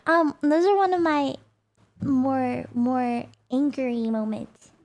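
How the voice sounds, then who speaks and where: A young woman streamer casually telling a story, animated and laughing often, with lots of "like" fillers. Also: sits high, slow.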